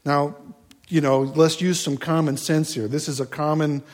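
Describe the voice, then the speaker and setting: A man's voice: on the high side, steady tone, moderate pace. A man preaching a sermon in a conversational, folksy way, with asides and rhetorical questions. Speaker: pastor.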